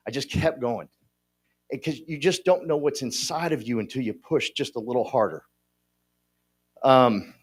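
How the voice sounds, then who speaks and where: A man, giving a folksy, joking motivational talk to a conference audience. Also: mid-range voice. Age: 50s. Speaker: conference speaker. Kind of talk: motivational speech. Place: conference hall.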